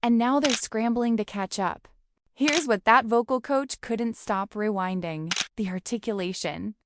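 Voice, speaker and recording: A woman's voice: on the high side, measured pace. A woman giving scripted narration in short, emphatic, dramatic phrases. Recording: clear background noise.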